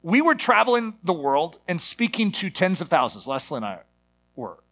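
A middle-aged man preaching a sermon, animated and given to acting out voices with sudden loud outbursts. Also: on the high side, normal speed. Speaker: pastor.

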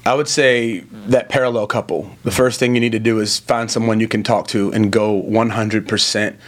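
A pastor in his forties, guesting on a podcast, speaks in a lowish voice with fairly even intonation at normal speed. He answers interview questions earnestly in a preacherly storytelling style that builds to emphatic moments.

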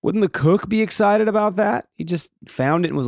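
A man's voice: high-pitched, brisk, no echo, clean studio sound. A man hosting a casual solo daily podcast, rambling and joking through the day's items with many restarts and asides. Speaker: podcast host.

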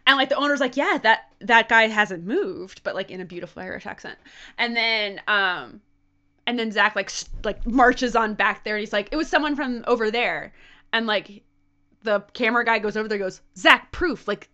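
A woman co-hosting a podcast, telling a story in casual chat with lots of "like" and quick acted-out quotes. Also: mid-range voice, bright, forceful tone, lo-fi sound. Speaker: podcast co-host. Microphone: headphones.

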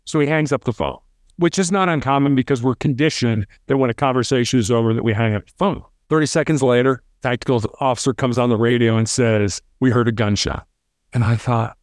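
A man's voice: medium pitch, fairly quick, no echo, clean studio sound. A middle-aged man, a former hostage negotiator, telling stories in an interview and acting out the voices of the people he quotes. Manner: animated, acts out quoted voices, repeats words. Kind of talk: storytelling interview.

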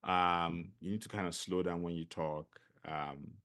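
A middle-aged man with a Nigerian accent, a podcast guest telling stories in a casual interview, animated and full of fillers. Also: sits low, measured pace. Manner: animated storyteller, many fillers.

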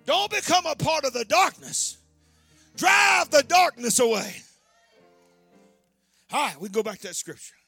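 Fervent high-voiced man preaching. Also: sing-song, normal speed, no echo, soft background music. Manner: shouting, fervent, calls out to the congregation. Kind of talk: sermon.

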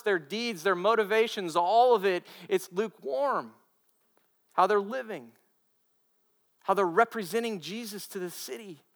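A pastor delivers his sermon as an earnest storyteller. His voice sits somewhat high for a man, and he often restarts and repeats phrases for emphasis. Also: sharp tone.

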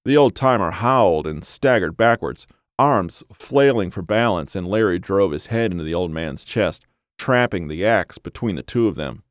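A man narrates a grim horror story in a measured, dramatic voice. His voice is very low, and the recording is dry and close, with no echo at all. Each line is paced and weighted for suspense. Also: lively intonation.

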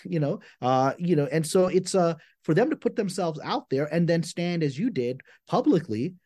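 A man being interviewed as a screenwriter guest, talking in an animated, emphatic way with quick restarts. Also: fairly high pitch, dry recording. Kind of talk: conversational interview.

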